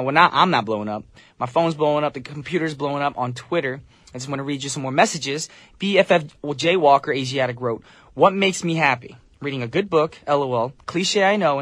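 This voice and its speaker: A man's voice: medium pitch, fairly bright tone, dry recording. A man hosting a morning radio show in casual chat, upbeat and joking as he reads listener messages. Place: radio studio. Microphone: studio mic.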